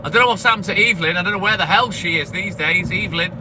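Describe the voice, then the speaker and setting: A man's voice: high voice, racing. A man chatting casually to a live stream chat while on his milk round, swearing freely and greeting viewers by name. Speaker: milkman streamer. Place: in a vehicle on a delivery round. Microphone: phone camera. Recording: noisy with street and car sound. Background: car and street noise.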